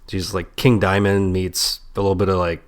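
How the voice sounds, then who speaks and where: A man's voice: low voice, little pitch movement, normal speed. A man co-hosting a casual music podcast, talking in a loose, offhand way with casual swearing.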